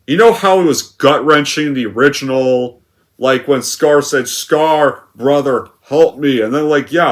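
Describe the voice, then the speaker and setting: A man with a somewhat high voice rants through a movie review. He rambles, scatters "like" fillers everywhere and sounds scornful and exasperated. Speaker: film reviewer.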